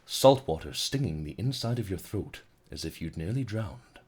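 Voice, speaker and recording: A man's voice: deep voice, animated, fast, husky. Jokey profane male game streamer. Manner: jokey and profane, reads narration dramatically. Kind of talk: live-streamed game reading and chat banter.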